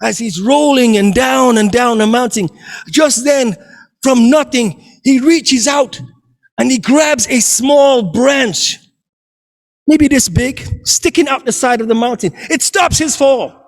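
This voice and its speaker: High-voiced unhurried male storyteller. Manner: repetitive, dramatic, unhurried. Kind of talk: oral folk storytelling.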